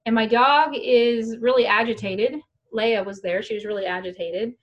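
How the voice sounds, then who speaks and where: A woman's voice: on the high side, moderate pace, dull audio. A young adult woman telling a long, frank, rambling story in casual chat, laughing now and then. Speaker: guest storyteller.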